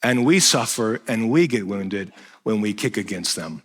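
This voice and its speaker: A man preaching a sermon as pastor, animated and self-deprecating, swinging between loud emphasis and quiet asides. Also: fairly low pitch, a little slow. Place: church sanctuary. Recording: reverberant church hall.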